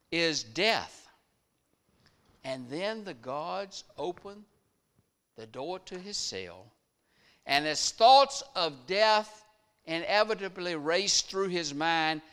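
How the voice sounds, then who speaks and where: A man preaching a sermon, retelling a story with dramatic rises and drops in loudness. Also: high voice, clear, resonant tone.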